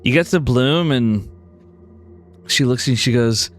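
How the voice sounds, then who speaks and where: A man's voice: medium pitch, slow pace, faint music behind. A man narrating a tabletop game as game master in a casual manner, full of fillers.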